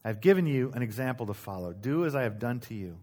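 In a church sanctuary, a middle-aged male pastor reads scripture aloud and explains it in a relaxed, conversational way, adding asides to the congregation. His voice is medium-pitched and fast.

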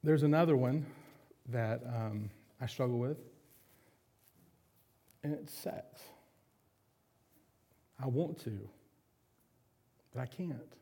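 A man's voice: medium pitch, slow, long pauses, dark tone, husky. A man preaching a sermon as a pastor, candid and confessional with self-deprecating humor.

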